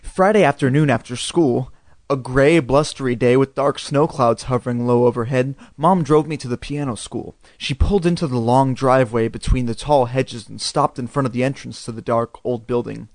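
A man's voice: medium pitch, normal speed, dry recording, studio quality. Man reading a spooky storybook aloud. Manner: expressive, dramatic reading. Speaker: reader.

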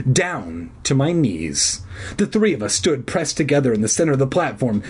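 A man's voice: mid-range voice, very animated, moderate pace, darkish tone, slightly rough. A man reading a spooky children's story aloud casually, with a sore throat. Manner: casual, swears in asides. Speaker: reader.

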